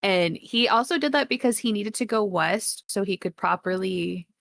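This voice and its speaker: A woman co-hosting a casual movie review podcast, excitable and swearing freely, acting out characters with big jumps in her voice. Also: mid-range voice, normal speed, no echo, studio quality. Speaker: podcast co-host.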